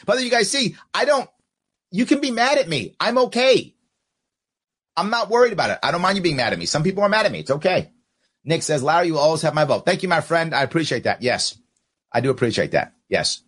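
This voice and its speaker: A man's voice: on the high side, breathy edge. A man hosting his own political podcast, talking straight to his viewers in casual commentary and reading out their comments. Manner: animated, talks straight to viewers, reads out comments. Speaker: podcast host.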